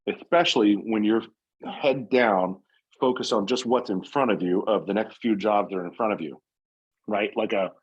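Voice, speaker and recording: Low, husky-voiced man in an interview. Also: muffled recording. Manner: earnest, rambling with many fillers and restarts. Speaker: painting company owner, guest. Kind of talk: casual podcast interview.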